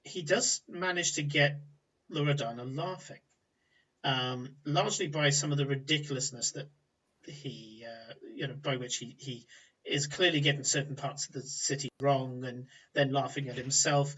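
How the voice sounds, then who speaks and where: A man narrating a tabletop game as game master, rambling with many pauses and fillers. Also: mid-range voice, steady tone, sharp tone, slightly rough, recorded from a distance, highs cut off. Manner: rambling, hesitant, filler-heavy.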